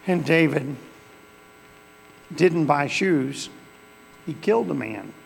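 A man's voice: fairly high pitch, animated, takes it slowly, vocal fry. A male pastor, preaching a sermon in a church with folksy storytelling that swells into fervent preaching. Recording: long hall reverb with faint mains hum.

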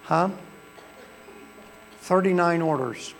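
A man's voice: on the high side, slow. A male pastor, preaching a sermon in a church with folksy storytelling that swells into fervent preaching. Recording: long hall reverb with faint mains hum.

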